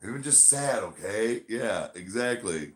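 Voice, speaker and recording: A man co-hosting a casual podcast, talking loosely and swearing, switching between a chirpy service voice and a flat low one. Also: a little slow. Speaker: podcast co-host; bartender.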